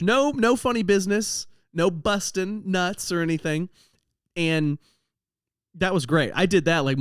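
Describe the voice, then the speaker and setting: A man's voice: a little high, dry recording, clean studio sound. A young man hosting a podcast, telling a comedic story about his travels in a self-deprecating way, laughing at his own jokes. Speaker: podcast host.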